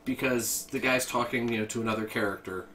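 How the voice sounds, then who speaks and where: A man's voice: mid-range voice, steady tone, quick pace, sharp tone. A man co-hosting a casual podcast chat, rambling as he retells a movie scene with lots of restarts. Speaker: podcast co-host. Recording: distant mic with faint ambient noise.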